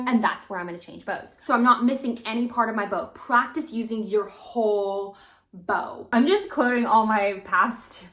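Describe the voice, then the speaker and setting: A woman's voice: on the high side, normal speed, fairly bright tone, faint music behind. A young adult woman teaching violin in a casual, encouraging way. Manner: casual, encouraging, demonstrates while talking. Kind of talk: instructional video talk. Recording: roomy echo.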